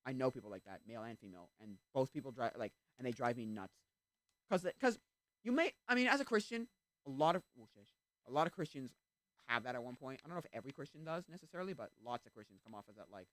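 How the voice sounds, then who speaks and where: A man's voice: mid-range voice, quick pace, no echo. A man streaming a game, chatting casually in a rambling way and breaking off to react to play. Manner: rambling, animated, interrupts himself to react to the game. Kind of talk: casual chat while playing.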